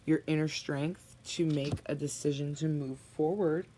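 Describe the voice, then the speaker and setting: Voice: medium pitch, fairly even intonation, unhurried, noisy background. A tarot reader giving a spoken reading to viewers, blunt and emphatic, often sighing and sympathetic.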